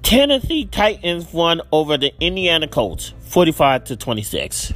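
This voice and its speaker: High lively guy ranting about football picks, keeps repeating himself, faint music behind. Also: normal speed. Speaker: podcast host. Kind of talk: solo football picks rant.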